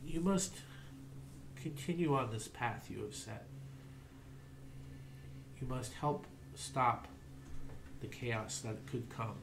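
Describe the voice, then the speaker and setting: A man's voice: mid-range voice, lively intonation, vocal fry, background noise. A man voicing a solemn, formal elf envoy. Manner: measured, formal speech. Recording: roomy echo.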